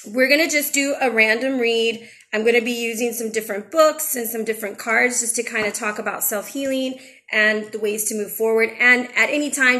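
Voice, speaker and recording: A young adult woman chatting casually and warmly-frank as she gives a spiritual tarot reading, a little emotional at times. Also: on the high side. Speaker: tarot reader and channel host.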